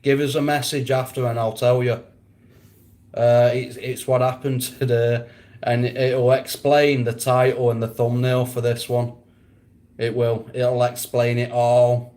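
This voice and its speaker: A man's voice: medium pitch, level tone, measured pace, darkish tone. A man chatting casually on a live stream, answering viewers, rambling and often breaking into laughter.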